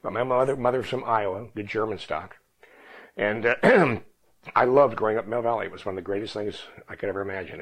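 A man's voice: fairly low pitch, poor audio. A man in his seventies from Northern California, reminiscing in a rambling oral history interview. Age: 70s. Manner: fast, rambling reminiscing with restarts.

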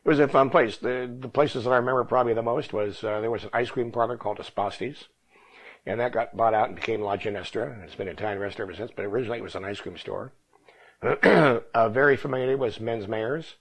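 A man's voice: mid-range voice, a bit bright, poor audio. A man in his seventies from Northern California, reminiscing in a rambling oral history interview. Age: 70s. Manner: fast, rambling reminiscing with restarts.

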